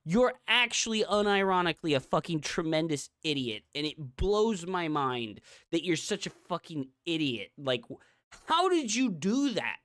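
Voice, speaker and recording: A woman's voice: sits low, expressive, normal speed, few pauses, a bit bright, no echo, studio quality. A woman game streamer on a livestream, ranting in a profane, exasperated, mocking way and repeating her jabs. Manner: mocking, repetitive. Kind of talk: livestream rant.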